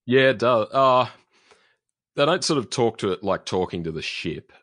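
A man's voice: medium pitch, lively intonation, moderate pace, fairly bright tone, no echo, clean studio sound. A man co-hosting a podcast, chatting casually and reading out a listener's email, with many ums and restarts. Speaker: podcast co-host.

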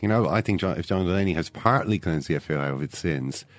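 An Irish man hosting a sports podcast, talking in a mock-solemn, deadpan way. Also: sits low, quick pace, no room sound. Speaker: podcast host. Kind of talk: deadpan mock-serious chat.

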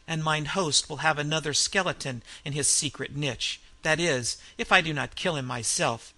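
A man voicing a calm, threatening French bandit holding a man at gunpoint. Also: on the high side, moderate pace, heavily acted. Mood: menacing.

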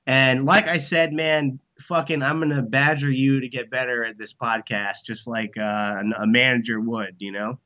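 A man's voice: mid-range voice, steady tone, moderate pace, few pauses, bright, forceful tone. A man guesting on a podcast as a band manager, talking casually in a rambling, emphatic way, swearing constantly.

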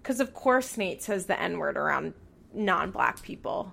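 A woman's voice: fairly low pitch, sing-song, a little slow, gravelly, fairly bright tone. A young woman hosting a podcast, recapping a show in heated, profane rants. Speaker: podcast host.

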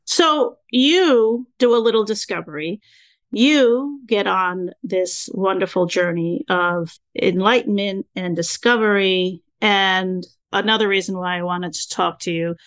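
Woman, 60s, podcast host; lively storyteller, average pitch. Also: unhurried, clear, resonant tone. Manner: animated storyteller acting out her own reactions. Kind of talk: casual interview chat.

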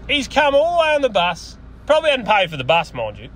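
A man's voice: high-pitched, wildly swooping pitch, fast talker, a bit bright. An Australian man telling a crude, laughing yarn in a voice message, recorded outdoors on a phone. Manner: crude, laughing storyteller, puts on voices for others. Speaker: caller telling a story.

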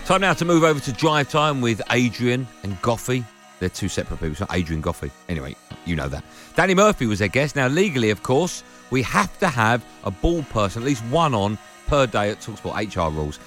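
A man presenting radio show highlights, linking clips with dry, teasing humour. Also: very animated, a little fast, fairly bright tone, soft background music. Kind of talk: scripted links with joking asides.

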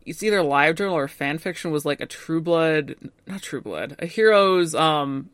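A woman's voice: sits low, animated, normal speed, smooth, dry recording. A woman co-hosting a podcast in casual chat, explaining plans in a matter-of-fact way. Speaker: podcast co-host.

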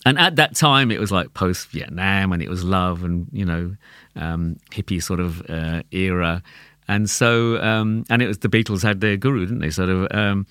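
Man, London accent, lowish voice, animated chat, laughs a lot, dry close sound. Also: moderate pace, no room sound. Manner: animated, laughs often, repeats words while thinking. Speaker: tabla player, guest. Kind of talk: casual conversation.

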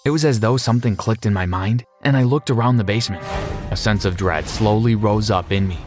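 A man narrating a scripted story in a steady, measured reading voice. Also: on the low side. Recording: music behind.

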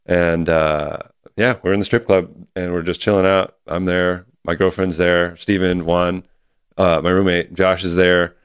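Deep, smooth-voiced young man. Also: level tone, a little slow, dry recording, clean studio sound. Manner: laid-back storytelling, swears often. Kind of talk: casual chat.

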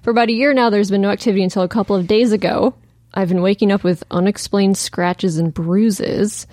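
A woman's voice: medium pitch, fairly even intonation, a little fast, dark tone, no room sound, studio quality. A woman co-hosting a casual podcast, reading a listener's email aloud and laughing easily between lines. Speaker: podcast co-host.

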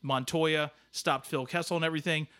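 A man's voice: fairly high pitch, steady tone, fairly quick, sharp tone, smooth. A man co-hosting a podcast, chatty and teasing, with many restarts. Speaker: podcast co-host. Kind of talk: podcast talk.

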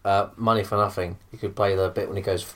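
A man's voice: sits low, little pitch movement, fast, a bit bright. A man chatting as a podcast guest, offhand and sweary. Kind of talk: casual podcast chat.

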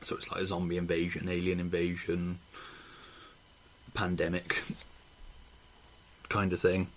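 A man's voice: low-pitched, completely flat delivery, measured pace, a little hiss or hum. A man co-hosting a podcast in casual chat, rambling, laughing often and swearing casually. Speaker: podcast co-host.

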